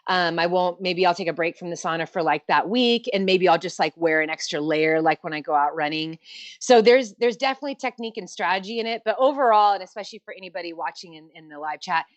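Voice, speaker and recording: A woman's voice: on the low side, fast talker, no echo. A woman guest on an interview show, chatting casually over a video call, laughing often and using many fillers. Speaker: guest ultrarunner.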